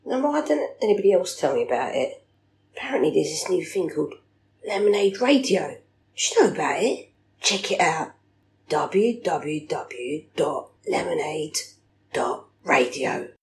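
A woman delivers an upbeat radio station promo, slowing to spell out an address. Her voice is deep, with lively, swooping pitch. Faint ambient noise sits behind her. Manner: upbeat plug, slows to spell a web address. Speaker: promo announcer.

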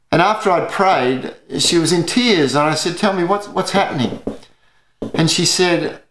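A man's voice: fairly high pitch, a bit bright, reverberant, slight background noise. An Australian man preaching an earnest sermon as pastor, telling stories to his church.

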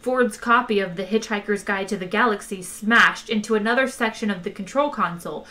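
A woman reading a comic science-fiction novel aloud in a lively, wry way. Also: mid-range voice, fairly quick. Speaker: audiobook reader. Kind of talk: expressive audiobook narration.

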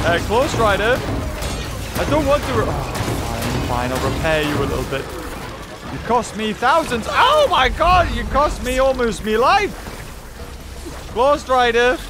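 A man hosting a let's play, chatting excitably and talking to the creatures on screen. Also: sits high, background noise. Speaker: gaming channel host.

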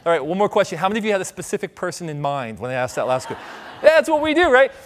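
Middle-aged man from Ohio, keynote speaker, higher-pitched voice, animated and humorous with the crowd. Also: very fast, a little hiss or hum. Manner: animated storytelling, audience asides, light humor. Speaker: conference speaker. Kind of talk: keynote talk with audience questions. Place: conference stage.

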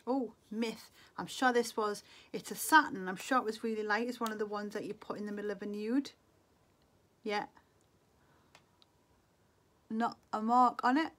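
A middle-aged woman from England, chatting to camera as a beauty vlogger, muttering to herself in a wistful, casual way. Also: on the high side. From Northeast England.

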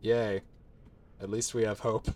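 A man's voice: fairly low pitch, level tone, a little slow, darkish tone, a little hiss or hum. A man giving casual gameplay commentary as host, chatty and laughing, swearing now and then as he plays. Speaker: gaming channel host.

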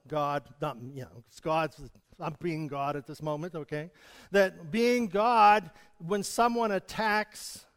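A man's voice: high voice, clean tone, big-room sound. A male pastor preaching a sermon in a conversational manner, chuckling often. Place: church hall.

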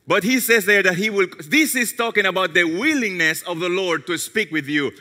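A man's voice: high-pitched, normal speed. Man preaching in an echoing hall. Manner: storytelling, drops to soft tones for quoted prayers. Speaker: pastor. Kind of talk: sermon. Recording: long hall reverb.

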